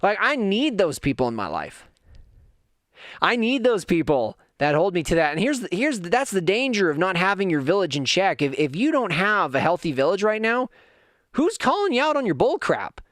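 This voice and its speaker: A man's voice: sits high, very animated, moderate pace, fairly bright tone, no room sound, studio quality. A man hosting a podcast, talking candidly and earnestly in a personal monologue that builds to fired-up moments. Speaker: podcast host.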